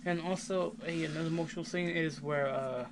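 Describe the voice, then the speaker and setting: Halting man in casual podcast chat. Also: a little high, fairly even intonation. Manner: halting, short replies with fillers. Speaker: podcast co-host. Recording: noisy home recording.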